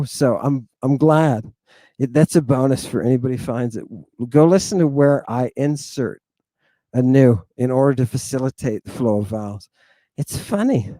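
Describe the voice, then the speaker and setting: A man teaching a lesson in a casual, animated way, often asking "right?" and calling his listeners "people". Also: medium pitch, no echo. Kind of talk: informal lesson.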